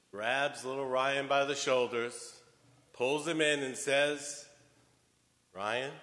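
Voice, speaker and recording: Man, sermon, slow deliberate storytelling, bright forceful voice, long church reverb. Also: mid-range voice. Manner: storytelling, deliberate, with wide swings in loudness. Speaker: homilist.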